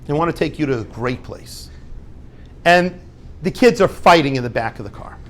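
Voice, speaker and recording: A man giving an informal Torah talk to a group, lively and conversational, acting out little dialogues and dropping Hebrew and Yiddish words. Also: a little high, normal speed. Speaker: rabbi teaching a class.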